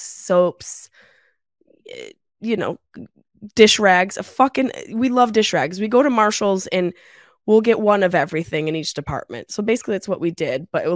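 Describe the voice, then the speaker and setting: A woman in her thirties hosting her own podcast with a stuffy nose from a cold, chatting in a lively, swearing, joking way from her mother's house on a travel mic. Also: mid-range voice, no echo, clean studio sound. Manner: animated, swearing, laughing storyteller. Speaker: podcast host. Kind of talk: casual solo podcast chat. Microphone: travel mic without pop filter.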